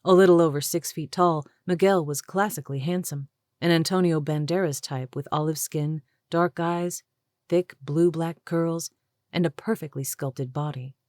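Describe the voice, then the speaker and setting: A woman with a low voice reads a romance audiobook, measured and even. The sound is dry and close, with no room around it. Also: no echo. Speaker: audiobook narrator. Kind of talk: scripted narration.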